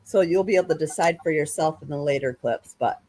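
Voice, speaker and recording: A woman's voice: sits low, fast, darkish tone. A woman hosting a casual panel discussion over a video call, explaining things at length with frequent restarts. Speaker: podcast host.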